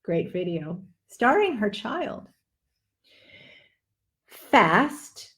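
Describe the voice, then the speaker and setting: A woman's voice: fairly high pitch, sing-song, slow. A woman teaching English pronunciation in a live online lesson, joking between drills and exaggerating sounds to show the difference. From Netherlands-based. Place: home, indoors.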